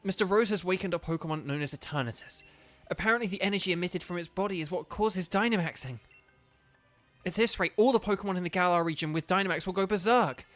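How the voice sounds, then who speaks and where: A man's voice: high voice, quick pace, fairly bright tone. An urgent, loyal secretary, read aloud by a man in a slightly raised, pleading voice. Faint game music plays behind her.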